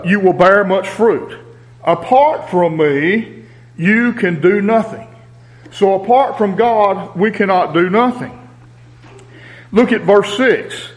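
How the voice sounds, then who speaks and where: A man preaching a sermon, reading scripture aloud in a deliberate, emphatic way. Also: high voice, low-quality recording.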